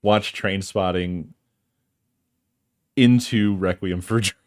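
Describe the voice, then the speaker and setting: A man's voice: low voice, steady tone, slow, a little mellow. A male streamer in casual chat with his viewers, musing in a dry, wry way and swearing freely.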